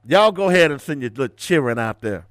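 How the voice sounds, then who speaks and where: A man's voice: expressive, quick pace, dry recording, studio quality. A man hosting a radio talk show, ranting and mocking his listeners in casual commentary. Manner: preachy, ranting, mocking, switches between loud rants and low asides.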